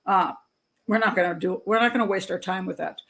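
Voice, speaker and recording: A woman's voice: fairly low pitch, fairly quick, gravelly, a bit bright. A middle-aged woman hosting a live stream, talking bluntly in a conversational way, reading out chat comments and laughing often. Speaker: host.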